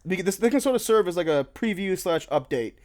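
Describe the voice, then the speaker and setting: A man's voice: high-pitched, animated, brisk, darkish tone. A young man co-hosting a casual podcast, laid-back and teasing, often laughing along. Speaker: podcast co-host. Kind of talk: casual chat.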